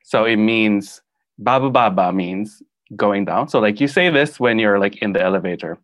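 A man's voice: on the low side, normal speed, no room sound, studio quality. A man, casually explaining phrases with frequent giggles. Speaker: guest teaching Filipino phrases. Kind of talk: casual chat.

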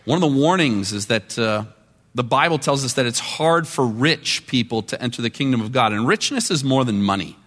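A man pastor giving a sermon, conversational, moving between quiet and emphatic delivery. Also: mid-range voice, lively intonation, fairly quick. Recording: long reverb of a large hall.

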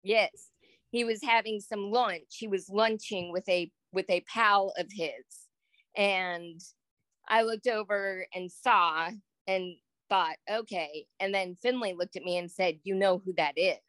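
A woman's voice: medium pitch, slow, fairly bright tone, dry recording. A woman speaking as a guest with her brother, chatty and blunt, laughing often. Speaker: guest, host's sister. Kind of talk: casual chat.

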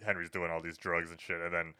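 A man co-hosting a podcast in casual chat, animated and swearing freely. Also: deep voice, quick pace, smooth, no room sound. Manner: animated, swears freely, bursts into loud quoting. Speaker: podcast co-host.

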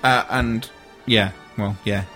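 A man's voice: fairly low pitch, fairly even intonation, slow pace, over music. A man hosting a casual chat, rambling and joking as he talks. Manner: chatty, rambling, jokey. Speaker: podcast host.

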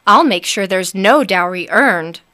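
A woman's voice: mid-range voice, sing-song, slow pace, fairly bright tone. A woman voicing a boastful female troll rival who bellows and taunts. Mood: taunting.

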